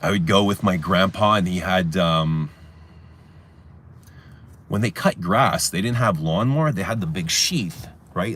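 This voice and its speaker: Low, bright-voiced man telling stories. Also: moderate pace, slight background noise. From Canada. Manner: animated, laughing often, swearing, acting out shouts. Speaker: livestream host. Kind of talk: casual storytelling chat.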